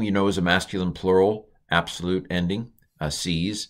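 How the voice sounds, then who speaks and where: A man with a notably low voice talks through a lesson in a casual, unscripted way. He thinks aloud, fills pauses with "um" and "uh", and restarts sentences. When he sounds out foreign words he slows right down and stretches each syllable. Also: steady tone. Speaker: Hebrew teacher. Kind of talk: informal recorded language lesson.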